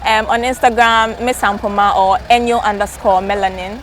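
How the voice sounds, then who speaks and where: A woman's voice: mid-range voice, fairly even intonation, moderate pace. A young woman with a Ghanaian English accent, chatting casually and self-mockingly as an interview guest, recorded outdoors by a road.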